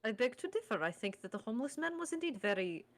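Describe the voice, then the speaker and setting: A woman playing in a tabletop role-playing game, chatty and quick to joke. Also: fairly high pitch, sing-song. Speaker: player. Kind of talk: tabletop role-play chat.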